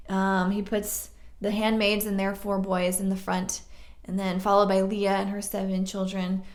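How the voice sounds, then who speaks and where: A woman's voice: medium pitch, gravelly. A woman casually retelling a Bible story, chatty and slangy, with joking asides. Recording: roomy echo.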